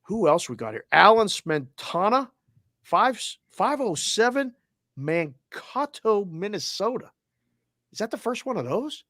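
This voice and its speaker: A man with a Boston accent hosting a sports talk show, running through listener names and places with energetic, casual shout-outs. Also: high voice, unhurried, dry recording, clean studio sound. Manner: energetic, shout-outs with area codes and towns. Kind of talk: roll call of listeners, casual.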